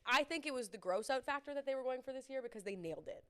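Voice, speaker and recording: A young woman from Canada co-hosting a sports podcast in casual chat, talking quickly with lots of asides. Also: sits high, expressive, sharp tone. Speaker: podcast co-host.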